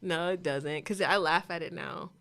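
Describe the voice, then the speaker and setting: A young woman sits in as a guest on an interview podcast, speaking candidly about her experiences. Her voice is bright and forward, and her telling is animated, full of quick impressions of the people she describes. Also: on the low side. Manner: animated storytelling with mimicked voices.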